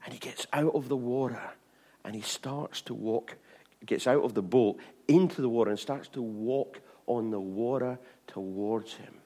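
A man preaching an informal sermon, chatty with repeated asides, swinging from bright emphasis to hushed tones. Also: mid-range voice, normal speed. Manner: chatty, with frequent "you know what I mean" and restarts.

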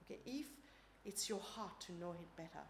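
A woman preaching and then leading a group in prayer, earnest and unhurried, sometimes dropping to a soft prayerful voice. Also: lowish voice, a little hiss or hum. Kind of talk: sermon and guided prayer. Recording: echoey room with faint ambience.

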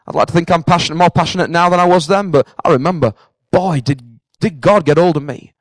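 A man's voice: on the high side, fast talker, dry recording, rough recording. Fervent male preacher, dry close sound. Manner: earnest, rising to fervent passion. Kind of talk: sermon.

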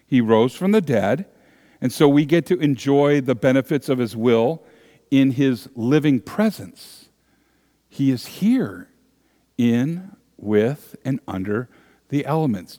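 A male pastor preaching a sermon in an earnest manner, building to animated emphasis. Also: mid-range voice. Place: large church sanctuary. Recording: long church reverb.

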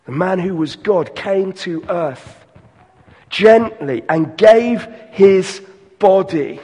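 A pastor giving an earnest sermon, slowing and softening on key lines. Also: male voice, high voice, breathy edge, big-room sound.

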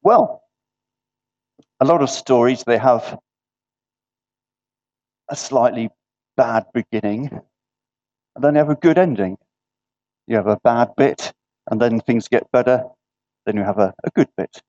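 Slow-paced preacher man quizzing his audience. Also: mid-range voice, darkish tone. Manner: questions the audience often, with repeated "yeah" checks. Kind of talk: interactive sermon. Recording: dull lo-fi recording.

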